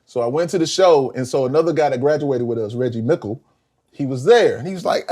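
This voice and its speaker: An older man from South Carolina, a guest musician telling lively stories in an interview, acting out voices and laughing often. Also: mid-range voice, quick pace. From Columbia, South Carolina. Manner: animated storyteller, acts out voices, laughs often. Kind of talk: storytelling interview.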